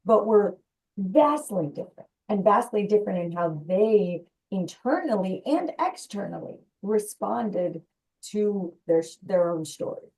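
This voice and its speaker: A woman host on a video call asks long, searching questions. She restarts often and fills with "you know." Her mellow, dark voice sounds distant and muffled, as if she is sitting far from her laptop mic. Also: medium pitch, lively intonation, a little slow. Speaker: rabbi hosting the event.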